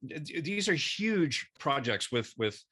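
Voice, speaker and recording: Give me a middle-aged man podcast co-host with a bright, forceful voice, chatty and hesitant. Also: on the high side, big pitch swings, a little slow, breathy edge. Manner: laughs easily, hesitant fillers. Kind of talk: casual podcast chat.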